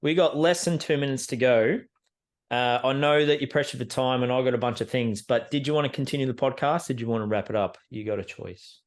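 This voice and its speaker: Brief: relaxed male podcast host, mid-pitched, plain-spoken, talking over a video call. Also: brisk. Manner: easygoing, chuckling, plain-spoken. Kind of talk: casual chat.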